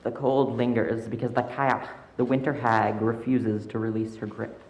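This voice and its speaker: Guy putting on an old wise woman, cracking voice, slow and grave. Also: mid-range voice, level tone, darkish tone, reverberant, muffled recording, a little hiss or hum, close to an everyday voice. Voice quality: voice cracking like ice.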